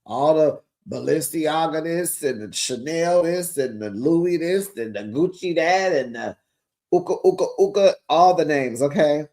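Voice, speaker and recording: A man's voice: a little high, animated, a little slow, a little mellow. A man hosting a reality TV recap, telling the gossip in a sassy, chatty way and calling his viewers honey, child and besties. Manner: calls listeners honey and child.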